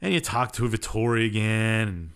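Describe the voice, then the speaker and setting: Podcast co-host, male, lowish voice, loose rambling recap, swears and shrugs off details. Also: animated, moderate pace, a bit bright, smooth. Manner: rambling, profane, dismissive asides. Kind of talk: casual game recap.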